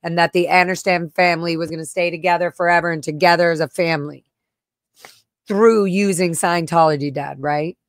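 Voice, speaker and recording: A woman's voice: on the low side, steady tone, brisk, no echo, clean studio sound. A woman hosting a personal livestream, talking candidly and emotionally, cursing bluntly and reacting to messages she reads aloud. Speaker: livestream host.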